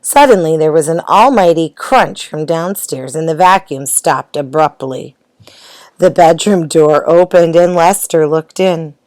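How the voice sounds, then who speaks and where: A woman reading a picture book aloud in a gentle, expressive way. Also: deep voice, measured pace, no echo. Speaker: storybook reader.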